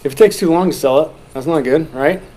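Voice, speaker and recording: A man teaching a classroom of real estate agents, animated and joking, putting questions to the room and acting out what people say. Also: fairly high pitch, fast talker, low-quality recording. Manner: animated, joking, acts out quoted lines.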